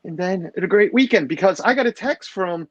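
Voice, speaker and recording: A middle-aged man hosting a live stream with a fairly high, lively voice that swings up and down as he rambles and jokes. The sound is dry and close. It is also a little dull and lo-fi. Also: a little fast, dry recording. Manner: rambling, joking, chatty. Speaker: livestream host. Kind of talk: casual chat with a live audience.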